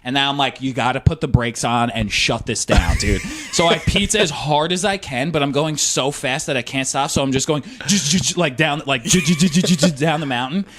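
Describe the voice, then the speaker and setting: A man's voice: mid-range voice, moderate pace, few pauses, fairly bright tone. A man co-hosting a podcast, telling a story in casual, profane, rambling chat. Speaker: podcast co-host.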